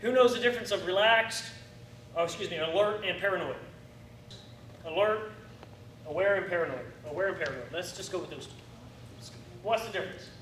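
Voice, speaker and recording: Male firearms instructor, bright and high, recorded from across a room. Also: brisk, long pauses. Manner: animated, coaching, acts out student reactions. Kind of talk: classroom instruction. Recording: echoey room, distant mic, faint noise.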